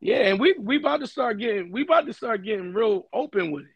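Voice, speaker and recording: A young man hosts a casual podcast. He talks earnestly and with emphasis, circles back to his points, and his voice sits high for a man. The sound is dry and close, with no room around it. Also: expressive, quick pace, husky, no echo, dull audio. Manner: earnest, emphatic, repeats himself. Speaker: podcast host.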